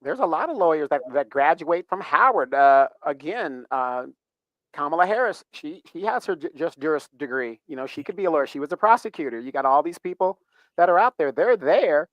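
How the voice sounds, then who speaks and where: A man's voice: on the high side, lively intonation, fairly quick, no room sound, dull audio. A man hosting a casual livestream, giving rambling, emphatic commentary that rises into heated questions. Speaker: livestream host.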